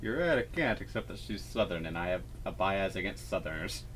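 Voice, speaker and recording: A man's voice: deep voice, a little fast, a bit bright. A man co-hosting a let's play in casual chat, teasing and dismissive in a dry way. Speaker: co-host, sibling.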